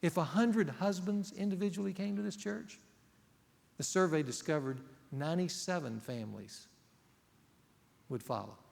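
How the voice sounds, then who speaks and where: A man's voice: high-pitched, normal speed, creaky, pauses often, a little mellow. A middle-aged male pastor preaching a sermon, earnest and emphatic, putting rhetorical questions to the congregation. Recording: long hall reverb.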